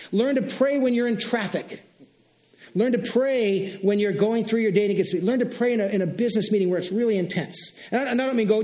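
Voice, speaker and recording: A male pastor preaching a conversational sermon, often dropping into soft, quiet spoken prayers. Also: high-pitched.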